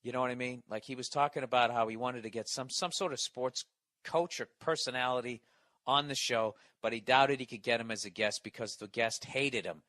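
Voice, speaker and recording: A man's voice: medium pitch, a little fast, bright, forceful tone, no echo. A man delivering a profane, exasperated comedy rant as a podcast host, often stammering through restarts. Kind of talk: ranting comedy monologue.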